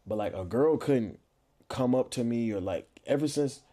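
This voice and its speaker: A mellow, medium-pitched male voice, animated and at a normal speed. He's a podcast guest in his twenties, chatting casually in a laid-back, slangy, playfully boastful way.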